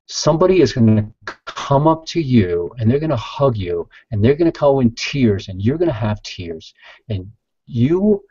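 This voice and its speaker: A man's voice: medium pitch, mellow, no echo. A man giving a passionate motivational talk to a group over a call, urging and repeating phrases. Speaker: guest speaker. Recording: dull, dry lo-fi audio.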